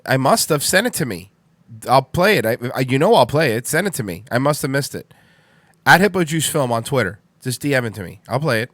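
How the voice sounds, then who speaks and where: A man hosting a casual livestream show, joking and reacting loudly to clips. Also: mid-range voice, very animated, fairly quick, a little hiss or hum.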